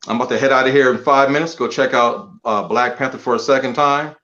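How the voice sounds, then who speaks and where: A man guest in a casual group chat, relaxed and chatty. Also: mid-range voice, quick pace. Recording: dull lo-fi audio.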